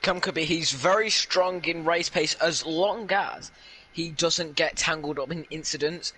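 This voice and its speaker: A man giving slow, measured analysis as co-commentator on a sim racing broadcast. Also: on the high side, pushed and bright, breathy edge. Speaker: co-commentator and driver. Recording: music bed underneath.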